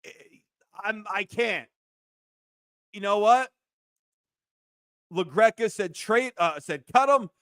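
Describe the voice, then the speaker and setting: A man hosting a sports fan show, ranting and shouting in heated commentary, then dropping into low grumbles. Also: takes it slowly, pauses often, no echo, clean studio sound.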